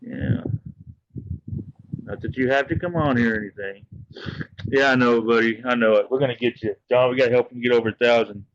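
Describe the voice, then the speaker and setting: A man's voice: medium pitch, fairly quick, long pauses, dry recording, highs cut off. A man hosting a casual livestream, talking in an earnest, rambling, heartfelt way. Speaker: livestream host.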